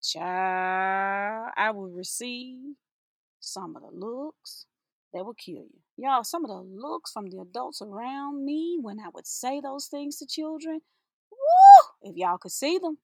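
A sassy, playful woman delivers an inspirational spoken-word monologue with a husky, breathy edge to her fairly high voice. She takes her time, drawing out words for emphasis and laughing often. The sound is close and dry. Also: expressive, a little slow, dry recording. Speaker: teacher.

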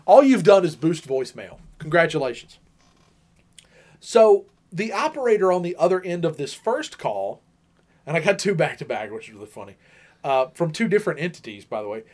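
A man co-hosting a podcast, telling stories in a lively, casual way and acting out the people he quotes. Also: fairly high pitch, a little fast. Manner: animated, acts out quoted voices, laughs often. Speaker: podcast co-host. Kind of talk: casual storytelling chat.

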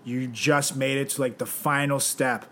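A man co-hosting a casual podcast, playful and animated, talking with a slight lisp. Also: mid-range voice, a little slow, noisy background. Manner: animated, playful, jokes around with put-on voices. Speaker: podcast co-host.

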